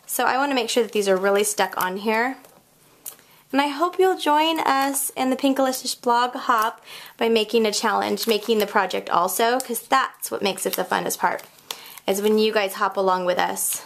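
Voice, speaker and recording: Talking while she works in her home craft room, a woman hosts a relaxed crafting tutorial at normal speed, her voice on the high side. She jokes about her own mistakes in a chatty way, and kids can be heard in another part of the house.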